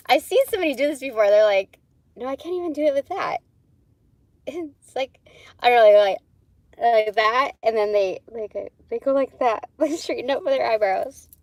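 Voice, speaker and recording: A woman with a fairly high voice rambles through a casual live tarot chat, full of fillers and little laughs. Now and then she drops into a soft whisper. The sound is dry and close. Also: measured pace, no room sound. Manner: rambling, giggly, many fillers. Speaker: spiritual livestream host.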